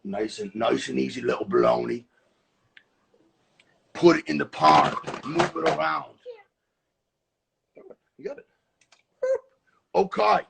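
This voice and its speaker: A man hosting a casual livestream cooking class, talking in a goofy, playful way with mock-rough slang. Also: medium pitch, lively intonation, slow pace, pauses often, noisy background.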